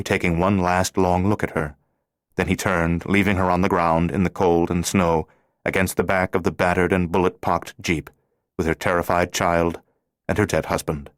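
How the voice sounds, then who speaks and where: A man reading an audiobook thriller in a steady, measured scripted narration. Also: low-pitched, dry recording, clean studio sound.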